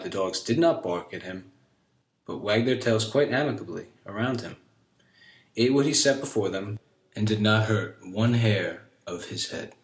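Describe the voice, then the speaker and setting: A man reading an old fairy tale aloud in a measured storybook style. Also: on the low side. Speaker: narrator. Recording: echoey room.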